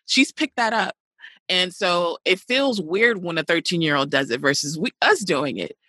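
Bright, emphatic woman guest. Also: on the low side, lively intonation, moderate pace, no echo, clean studio sound. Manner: emphatic, outspoken. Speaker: parenting guest. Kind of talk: casual conversational interview.

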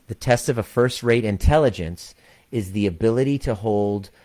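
Low-voiced man telling a candid story. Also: a little mellow. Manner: candid, profane, earnest. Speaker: former chiropractor, community leader. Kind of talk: casual storytelling monologue.

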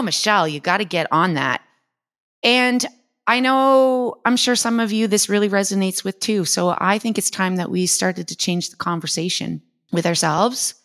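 A woman's voice: mid-range voice, a bit bright. A woman in her fifties, a fitness trainer and host, talking candidly and with lots of animation, swearing freely and acting out her own inner voice. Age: 50s. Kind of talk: casual motivational monologue.

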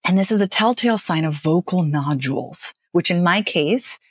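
A woman who works as a speech and dialect coach, talking about her path in a chatty, animated podcast interview and laughing often. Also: on the low side, moderate pace, breathy edge, no room sound, studio quality.

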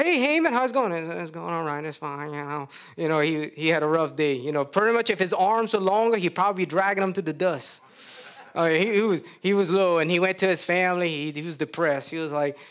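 A man's voice: a little high, a bit bright, smooth. A man preaching, retelling a story in a folksy, chuckling way. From Louisiana. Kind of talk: storytelling sermon.

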